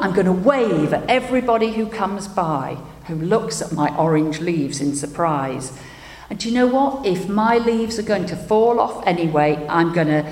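A woman's voice: medium pitch, a little mellow, lightly acted. A woman voicing a worried female tree who confides in her doctor. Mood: resolute. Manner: fretful, confiding pleas to the doctor. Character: worried female tree, anxious then joyful. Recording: echoey hall, faint ambience.

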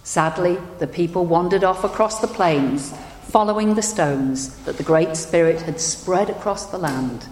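Woman minister, lowish voice, slow gentle storytelling, big echoey church hall. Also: a little hiss or hum. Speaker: minister leading worship. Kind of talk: sermon and prayer. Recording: echoey hall with long reverb.

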